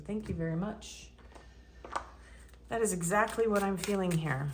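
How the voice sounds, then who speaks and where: A woman's voice: mid-range voice, unhurried, noisy background. A woman giving a casual pick-a-card tarot reading in a chatty, cheeky way that often breaks into laughter. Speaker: tarot reader.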